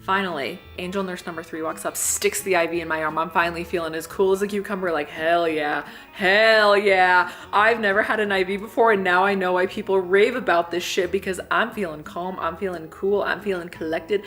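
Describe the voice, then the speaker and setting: A young woman vlogger telling a comedic personal story in an animated way, swearing freely and acting out the people she quotes. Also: on the low side, fast talker, hardly any pauses, soft background music. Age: young adult.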